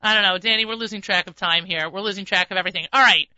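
A woman's voice: medium pitch, rapid-fire, sharp tone, no room sound. Woman radio host, chatty and self-mocking, vivid, cutting voice, dry, slightly muffled broadcast sound. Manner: chatty, trips over words, self-mocking. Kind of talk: casual radio chat. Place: radio studio.

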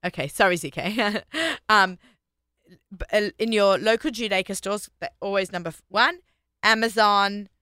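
A woman with an Australian accent hosting a radio show, talking in a chatty way with quick restarts. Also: mid-range voice, bright, forceful tone, clear, resonant tone, dry recording. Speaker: radio host. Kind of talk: casual radio chat.

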